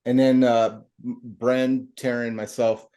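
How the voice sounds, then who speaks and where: A man's voice: mid-range voice, level tone, measured pace, warm tone. A middle-aged man hosting a podcast, chatting casually and telling a rambling story full of fillers and slang. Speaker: podcast host.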